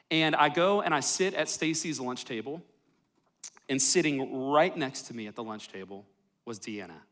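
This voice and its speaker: In a church worship hall, a young pastor delivers a storytelling sermon in a mid-range, fairly bright voice with lively intonation at a moderate pace. His style is joking and self-deprecating, woven with personal stories.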